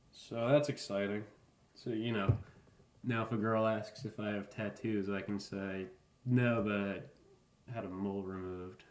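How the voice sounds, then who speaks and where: In his thirties and hosting a podcast, this man drifts through a loose comedic monologue with a deadpan, offhand delivery and profanity-laced asides. His voice is lowish, and the space sounds reverberant.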